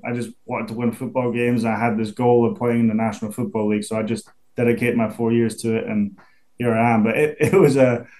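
A relaxed Scottish man in his twenties, speaking at an ordinary middle pitch. He talks easily as an interview guest, stumbles and restarts, and chuckles along the way. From Scotland. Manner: easygoing, restarts a lot, chuckles. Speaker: professional football punter, guest. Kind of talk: casual interview.

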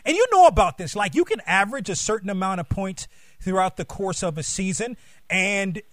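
A man's voice: high voice, lively intonation, brisk, dry recording, studio quality. A man hosting an interview show, asking long, rambling questions with enthusiasm. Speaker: show host.

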